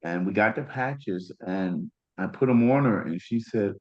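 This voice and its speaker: A man sharing a personal testimonial on a video call, animated and acting out what others said. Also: on the low side, moderate pace, hardly any pauses, highs cut off. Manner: animated storyteller acting out quotes. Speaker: webinar participant sharing a testimonial. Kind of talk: casual personal story.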